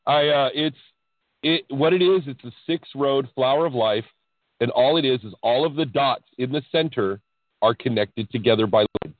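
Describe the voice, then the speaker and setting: A man's voice: medium pitch, moderate pace, no room sound. Man on a tinny dry phone line. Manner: excitable, animated retelling with many restarts. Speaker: podcast guest. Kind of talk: casual storytelling about spiritual experiences.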